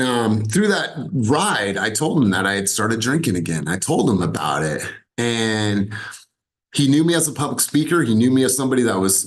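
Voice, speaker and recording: A middle-aged man, a sales coach, telling a personal story to a coaching group in an earnest, emphatic way, repeating key phrases for weight. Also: medium pitch.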